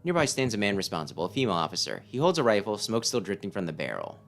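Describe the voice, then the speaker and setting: A man's voice: fairly low pitch, huge pitch swings, rapid-fire, creaky, a bit bright. A man casually playing a game on stream, reading its text aloud and reacting with wry, swearing asides. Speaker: let's-play gamer.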